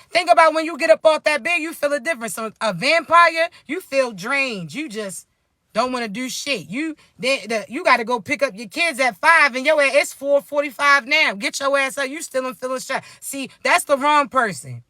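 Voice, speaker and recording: Blunt, bright-voiced woman coaching listeners. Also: high-pitched, animated, moderate pace, dry recording, clean studio sound. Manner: blunt, profane, no sugarcoating; calls listeners baby, preachy asides. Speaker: spiritual coach. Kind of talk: casual motivational vlog talk.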